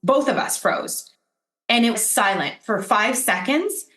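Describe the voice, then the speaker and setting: Animated woman telling stories, roomy sound. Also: a little high, a little slow. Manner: animated storytelling, acts out quotes. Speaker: podcast guest, intuitive healer. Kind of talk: casual conversation.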